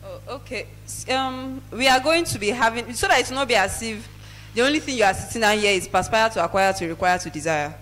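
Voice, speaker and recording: A woman's voice: on the high side, lively intonation, quick pace, a bit bright, faint music behind, rough recording. A woman co-hosting a live event, chatty and drawing out words for emphasis. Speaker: event co-host. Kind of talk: live MC banter.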